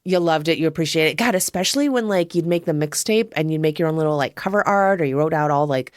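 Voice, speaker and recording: A woman in her thirties hosting a casual film review podcast, swearing freely, giggling often and telling the story with lively energy. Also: deep voice, quick pace, no echo, studio quality. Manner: profane, giggly, animated storytelling. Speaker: podcast host.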